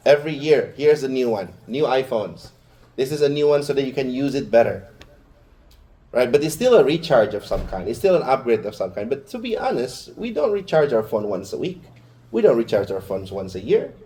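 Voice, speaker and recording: Mellow-voiced man preaching a casual sermon. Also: mid-range voice. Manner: informal and chatty, with personal asides. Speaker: Friday preacher. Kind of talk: conversational Friday sermon.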